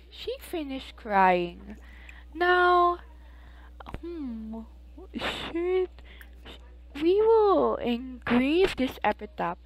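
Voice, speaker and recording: On a rough recording, a high-voiced woman plays a life-simulation game and rambles casually about it for her let's play. Her commentary is chatty and punctuated with frequent exclamations.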